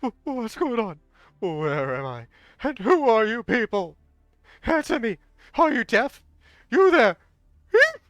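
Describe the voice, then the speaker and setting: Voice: sing-song, slow pace, pauses often, fairly bright tone, no room sound. A streamer reading a game story aloud live and voicing a terrified old male bishop who stammers and begs. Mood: confused angry. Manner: shrill frantic pleading and stammering.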